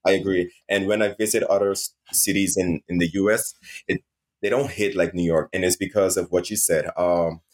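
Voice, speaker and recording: Deep-voiced Caribbean man chatting. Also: normal speed. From Saint Martin. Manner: relaxed, many fillers and restarts. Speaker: podcast guest. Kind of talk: casual interview chat.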